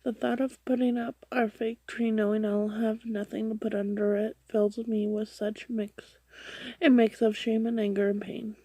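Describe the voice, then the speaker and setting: A woman reading a forum post aloud, halting and often stumbling, restarting words and correcting herself. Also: a little high, flat delivery, warm tone, dry recording. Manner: drops to a whisper for her own asides. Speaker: reader of online posts.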